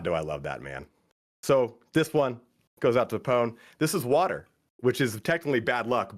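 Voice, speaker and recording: A man giving an improvised, crude, teasing roast of a friend over a stream, rambling with many fillers. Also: lowish voice. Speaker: roast speaker.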